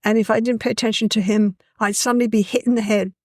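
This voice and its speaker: A woman's voice: fairly high pitch, fast talker, dry recording, studio quality. A woman, talking as a guest in an easygoing, storytelling way with a frequent "you know". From England. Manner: lively, warm-hearted, with a frequent "you know". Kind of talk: casual conversational storytelling.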